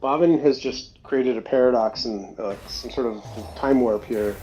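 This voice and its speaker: A man's voice: mid-range voice, normal speed, warm tone, soft background music, poor audio. Playful man thinking aloud. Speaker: stream guest. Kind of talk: casual stream chat.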